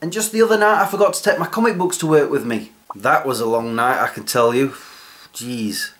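A man delivering a deadpan, self-mocking comedy monologue to his viewers. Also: a little high, fast. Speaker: comedy vlogger.

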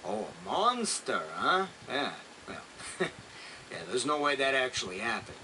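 A man voicing a gruff adult police officer in a video game cutscene, speaking in a casual, dismissive, rough manner. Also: mid-range voice, sing-song, measured pace, sharp tone, a little hiss or hum, low-quality recording. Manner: casual, dismissive, rough working-class speech.

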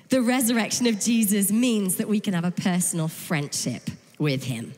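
A woman's voice: medium pitch, normal speed, hardly any pauses, darkish tone. A woman preaching a sermon, telling the story dramatically with humour. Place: church hall. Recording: echoey church hall.

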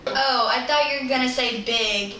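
A woman joining a casual game chat as a guest, playful and quick to laugh. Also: high-pitched, sharp tone, reverberant, recorded from a distance, slight background noise.

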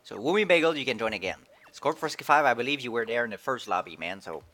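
A man streaming a video game live, chatting playfully and excitedly. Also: medium pitch, quick pace. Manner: playful, excitable, switching between English and French. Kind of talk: casual live-stream commentary.

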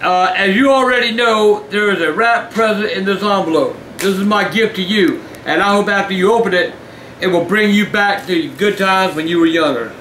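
An older man hosting a show, reading fan mail aloud in casual chat, gruff and given to shouting and cursing. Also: high-pitched, normal speed. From Southern US. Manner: gruff, shouts and curses in bursts. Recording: echoey room with faint noise.

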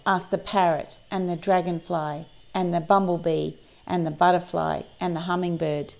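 A woman reading a picture book aloud, patiently listing each animal in a steady cadence. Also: on the low side, moderate pace, gravelly, poor audio. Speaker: storyteller.

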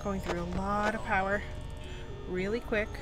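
A woman's voice: mid-range voice, steady tone, normal speed, loud music behind the voice, rough recording. A young adult woman commentating a horror game, jumpy and nervous, babbling and swearing constantly. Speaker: gaming channel host.

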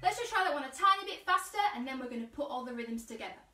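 A woman's voice: high voice, expressive, very fast, sharp tone, soft background music. A woman leading an online percussion workshop, chanting rhythm words and counting learners in for call-and-response drumming. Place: room at home, live video session. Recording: roomy, distant live-stream audio.

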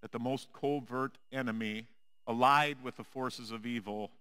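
A male pastor preaching a sermon in a church, with a measured, dramatic delivery that drops low and quiet on the repeated refrains. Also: steady tone, clear, resonant tone. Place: church sanctuary.

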